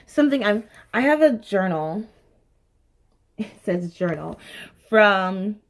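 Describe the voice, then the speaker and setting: A woman in her late twenties giving speaking tips in a casual vlog, chatty and expressive, with lots of "like" and "um" fillers and the odd swear. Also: mid-range voice, slow. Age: late 20s. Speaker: actor sharing speaking tips. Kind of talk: casual talking-to-camera vlog.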